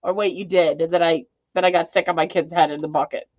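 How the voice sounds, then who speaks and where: A woman's voice: fairly low pitch, steady tone, fast, darkish tone. Woman streamer, casual chat with viewers, rambling and jokey, dull lo-fi sound. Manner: rambling, joking, laughs often. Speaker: live streamer. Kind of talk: casual live-stream chat reading comments.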